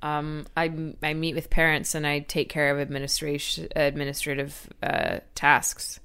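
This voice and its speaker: A woman co-hosting a comedy podcast, improvising a sketch in a brisk, stern, deadpan way. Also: low-pitched, clean tone.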